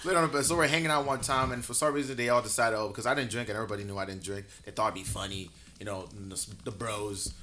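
A young man from Canada, a comedian guest on a podcast, telling an animated story, laughing often and acting out the dialogue. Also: fairly low pitch, fast talker, few pauses, slight background noise.

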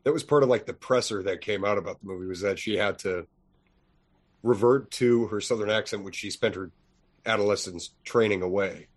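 A man's voice: on the low side, a little fast. A man co-hosting a casual podcast chat, speaking in a wry, explanatory way. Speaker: podcast co-host.

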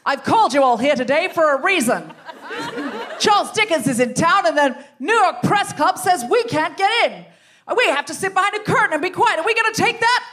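A woman's voice: very high-pitched, lively intonation, brisk, fairly bright tone, slight background noise, pitched above the performer's own voice. A woman improvising a passionate 1860s female journalist who rallies her friends on stage in a comedy show. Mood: indignant rousing. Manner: indignant, rousing, speechifying. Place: theatre stage before a live audience.

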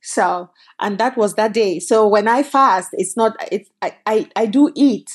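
A woman's voice: mid-range voice, measured pace. A middle-aged woman from Cameroon, a company founder telling her story in an interview and acting out the voices of people she quotes. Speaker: guest, food company founder.

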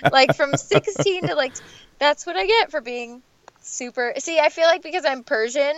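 A woman in her twenties from the United States, chatting casually as a guest. She talks fast and full of "like", and laughs a lot. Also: high voice, no room sound, lo-fi sound. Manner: chatty, lots of "like", laughs often. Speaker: guest, singer. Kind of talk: casual podcast chat.

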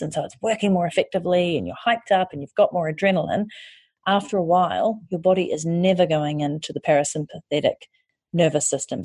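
A woman with a low, husky voice talks through her advice in a casual podcast monologue. Her tone is mellow and warm, and she speaks candidly with the odd swear word. The sound is close and dry, with no room around it. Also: no room sound. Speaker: podcast host and online course creator.

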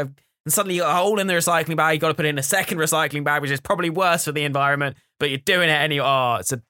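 A man's voice: a little high, bright, forceful tone, dry recording, studio quality. A man co-hosting a podcast, ranting in an exasperated, grumbling way. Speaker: podcast co-host. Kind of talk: casual chat.

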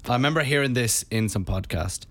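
A man co-hosting a podcast in casual chat, telling a story in a rambling, animated way. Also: medium pitch, a little fast. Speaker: podcast co-host.

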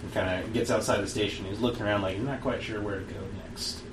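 A man narrating a western tabletop game as game master, halting with fillers and restarts. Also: fairly low pitch, steady tone. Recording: distant mic in an echoey room with background noise.

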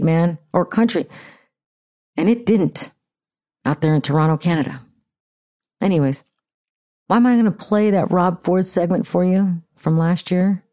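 A woman's voice: lowish voice, normal speed, dark tone. An American woman hosting a podcast with blunt, profane, ranting casual commentary. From United States. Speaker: podcast host.

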